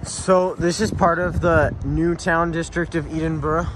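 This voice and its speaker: A man's voice: on the high side, little pitch movement, a little slow. A young man chatting casually in a travel vlog, upbeat and easygoing, walking outdoors with a handheld camera. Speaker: travel vlogger. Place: outdoors in a town. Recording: loud outdoor street noise.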